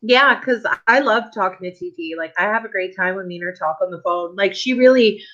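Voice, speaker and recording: A woman's voice: mid-range voice, fairly quick, a bit bright. Woman hosting a casual livestream chat. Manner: easygoing, chatty, laughs along. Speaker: channel host. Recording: muffled lo-fi stream audio.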